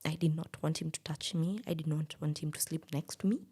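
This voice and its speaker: A woman's voice: low-pitched, steady tone, a little fast, mellow, husky. A woman, speaking candidly as a guest and telling a personal story in a podcast interview. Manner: candid, plain-spoken.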